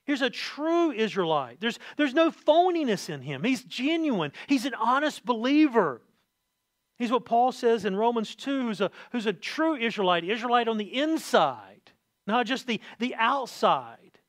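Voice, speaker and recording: A man preaching a sermon, animated, often repeating words as he swings between quiet asides and loud emphasis. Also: very high-pitched, measured pace, dry recording, clean studio sound.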